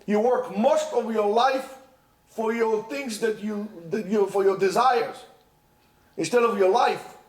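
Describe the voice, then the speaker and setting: A man's voice: high voice, a little slow. A man teaching a Torah lesson at a yeshiva, impassioned, repeating himself and restarting phrases. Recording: echoey room.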